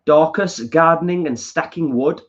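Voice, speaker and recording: A man's voice: on the high side, moderate pace, lo-fi sound. A man with a northern English accent co-hosting a casual live stream from his lounge, reading viewer comments aloud and answering them. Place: home lounge.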